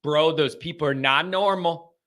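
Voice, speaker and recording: Male call-in show host with a higher pitch and a sharp, forceful tone, animated and joking. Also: normal speed. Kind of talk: live call-in fan chat.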